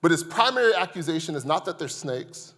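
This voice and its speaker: A man with a high voice delivers a sermon as pastor. He talks casually and conversationally. He swings between loud, emphatic stretches and quiet, hushed asides. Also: big pitch swings, a little fast.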